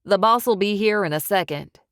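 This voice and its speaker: Woman playing a blunt young thug guy, casual and flat, dry close mic. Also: mid-range voice, brisk, smooth, no room sound, lightly acted. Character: heavyset young male henchman, blunt.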